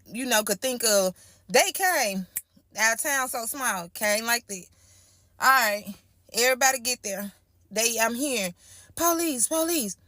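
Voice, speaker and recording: A woman tells her own story in a relaxed storytime style, her voice sitting a bit high. She talks straight to her listeners, chatty and circling back over the same points. The sound is dry and close, with no room echo. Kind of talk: casual first-person storytime.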